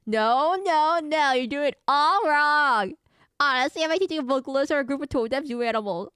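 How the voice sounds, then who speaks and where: A woman's voice: sits high, a little fast, fairly bright tone, no echo, studio quality, voice pushed up. A woman voicing a strict, exasperated music teacher who scolds her class. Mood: scolding.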